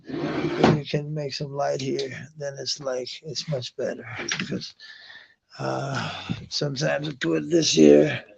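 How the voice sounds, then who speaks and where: A man's voice: a little high, vocal fry, background noise. A man, rambling in a casual live chat with viewers, swearing often and laughing at comments. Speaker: livestreamer. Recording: muffled lo-fi stream audio.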